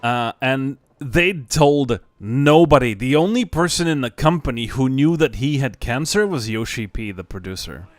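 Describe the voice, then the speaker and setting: A man's voice: mid-range voice, animated, moderate pace, few pauses, no room sound. A young man chatting casually on a game stream, swearing freely and laughing often. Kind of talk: casual live stream chat.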